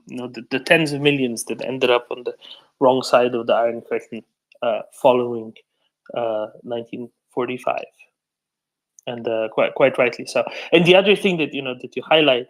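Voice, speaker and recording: A man's voice: mid-range voice, a bit bright, rough recording. Man moderating a live audio discussion. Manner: measured, explanatory, uses fillers. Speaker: host and moderator.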